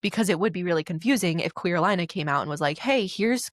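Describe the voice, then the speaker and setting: A woman's voice: fairly low pitch, expressive, fast, no echo, clean studio sound. A woman co-hosting a casual podcast chat, talking in a loose, filler-heavy way and acting out remembered quotes. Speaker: podcast co-host.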